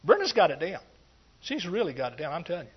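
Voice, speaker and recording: A middle-aged preacher with a high voice delivers a folksy, joking sermon. He breaks into lively shouts of praise now and then. The recording sounds dull and lo-fi. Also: fast talker, slightly rough. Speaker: pastor.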